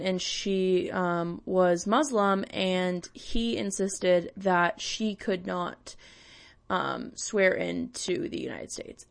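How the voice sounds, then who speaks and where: A woman's voice: mid-range voice, creaky. Rambling woman ranting on a vlog. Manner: rambling, profane and self-mocking, many fillers. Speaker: vlog host. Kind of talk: casual ranting monologue.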